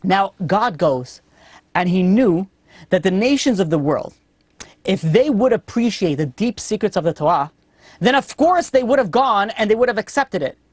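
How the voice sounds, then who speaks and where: A man, a rabbi, teaching a Torah lesson as an animated storyteller who acts out characters. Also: high voice, moderate pace, dry recording.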